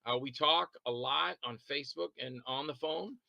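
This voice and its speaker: A man chatting as an interview guest, telling long rambling stories about making films, quick to laugh and to act out what others said. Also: mid-range voice, vocal fry, dry recording, dull audio. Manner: rambling anecdotal storytelling. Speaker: interview guest, independent filmmaker and actor. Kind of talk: casual interview chat.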